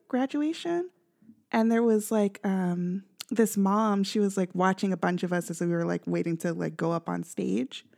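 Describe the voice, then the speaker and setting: A woman from Missouri in casual chat as a podcast co-host, lively and full of fillers and laughter. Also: medium pitch, vocal fry. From Missouri, US Midwest. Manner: lively, animated, laughs often, many fillers.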